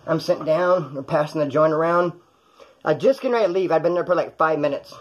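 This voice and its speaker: A man's voice: fairly high pitch, fast, a little hiss or hum, rough recording. A man telling a true story from his own life in a casual, rambling, profane way, acting out the voices of the people in it.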